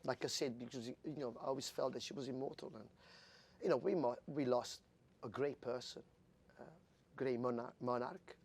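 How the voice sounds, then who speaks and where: A man in his fifties from Italy, a jockey telling stories in an interview, animated and laughing, acting out quoted voices. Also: medium pitch, moderate pace, vocal fry, husky. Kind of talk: storytelling in an interview.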